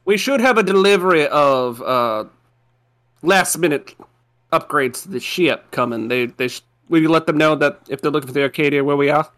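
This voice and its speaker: A man's voice: a little high, normal speed, fairly bright tone. A man playing a tabletop game, joking and teasing, who says he is slightly buzzed. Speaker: player. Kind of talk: casual tabletop game play.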